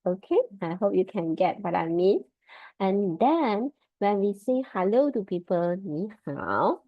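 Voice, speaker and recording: Slow, patient woman teaching Mandarin. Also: mid-range voice, very animated, no room sound. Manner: slow, patient drilling of tones, repeating words. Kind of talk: online language lesson. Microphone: video call. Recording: dull lo-fi video call audio.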